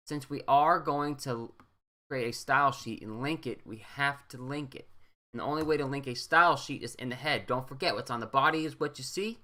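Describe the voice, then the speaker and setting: A man's voice: medium pitch, bright, forceful tone. A young man walking students through a coding lesson in a casual, rambling way, often checking in with "right?". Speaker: teacher. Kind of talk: screen-recorded coding walkthrough.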